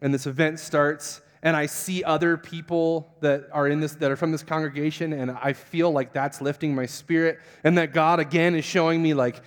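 A young man, a pastor, telling a funny self-mocking story in a sermon and acting out the voices with big jumps in pitch. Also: fairly even intonation, moderate pace, hardly any pauses. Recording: long hall reverb.

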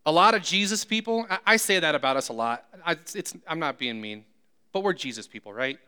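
A man's voice: fairly high pitch, expressive, a little fast, pushed and bright, smooth. A man preaching a sermon who tells humorous, self-deprecating stories. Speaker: pastor.

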